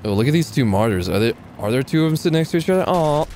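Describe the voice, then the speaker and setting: A man's voice: a little high, expressive, rapid-fire, darkish tone, a little hiss or hum. A man giving casual, joking live commentary while playing a game. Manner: joking, sarcastic, laughs often. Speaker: gaming livestreamer.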